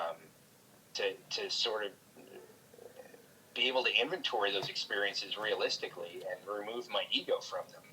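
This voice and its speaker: A guest comedian talks candidly over a call in a lowish, sharp-toned voice, swearing freely and halting with frequent restarts of his sentences. The poor audio carries a little hiss or hum.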